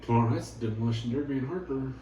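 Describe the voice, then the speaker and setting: A man's voice: mid-range voice, very fast, dark tone. A man telling stories and making plans in a profane, laughing casual chat with friends. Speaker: father chatting with friends. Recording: echoey room, far from mic, noisy.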